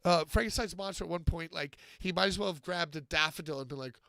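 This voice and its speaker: A man telling a story on a podcast, animated, swearing often and acting out moments. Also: fairly high pitch, fast talker, vocal fry, no echo. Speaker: podcast co-host. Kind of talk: casual comedic storytelling.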